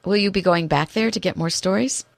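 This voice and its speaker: Soft-spoken woman radio host. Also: fairly low pitch, fairly quick, gravelly, no room sound. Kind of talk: radio interview.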